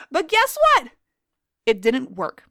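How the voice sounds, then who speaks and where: A woman hosting a scripted, comedic wildlife lesson, theatrical and profane, who spells words out loud. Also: sits high, huge pitch swings, slow, no room sound, clean studio sound. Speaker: science video host.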